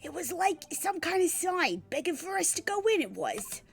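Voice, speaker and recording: A woman's voice: extremely high pitch, sing-song, moderate pace, vocal fry, pitched above the performer's own voice, full character voice. A woman voicing a cocky young male thief in a put-on cockney accent, swaggering and drawling. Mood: boastful.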